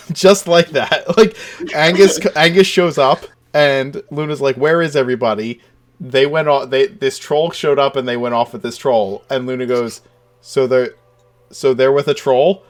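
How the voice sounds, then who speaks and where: A man hosting a relaxed recap of a tabletop game session. He retells moments with lots of laughter and lively energy. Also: medium pitch, measured pace. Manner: laughing, animated retelling of scenes. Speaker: dungeon master host. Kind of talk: casual podcast recap chat.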